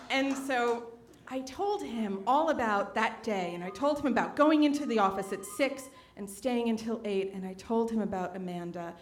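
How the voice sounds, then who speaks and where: A woman in her late twenties telling a personal story on stage, conversational, with many fillers, acting out the quotes. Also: slight background noise. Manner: conversational, many fillers, acts out quotes with big pitch jumps. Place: stage at a live storytelling event.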